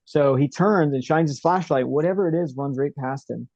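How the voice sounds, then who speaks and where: A man's voice: a little high, normal speed, a little mellow, no echo, lo-fi sound. A young man as an interview guest, telling a story in a rambling, casual way with many fillers and restarts.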